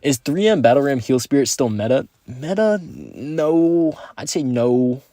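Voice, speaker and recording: A young man with a dark, medium-pitched voice talks fairly quickly while streaming a mobile game. He reads viewers' messages and chats back in a laid-back, upbeat, slangy way. The audio is studio quality with no room sound.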